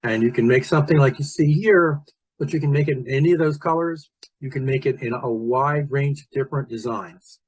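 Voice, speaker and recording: A man walking teachers through presentation software in a screen-recorded tutorial, talking loosely and thinking aloud as he clicks. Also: mid-range voice, brisk, slightly rough, no room sound, low-quality recording. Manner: relaxed, thinking aloud with fillers and restarts. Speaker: teacher trainer.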